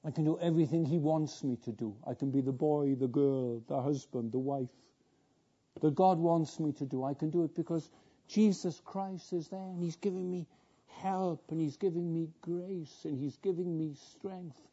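A man's voice: on the high side, steady tone, moderate pace, mellow, husky. A man preaching a sermon, earnest and repeating his words, who builds to fervent climaxes. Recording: dull lo-fi sound.

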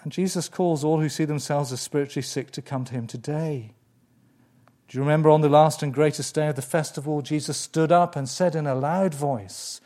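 A man preaching a sermon, emphatic, with dramatic pauses and repeated phrases. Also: on the high side, fairly even intonation, a little mellow.

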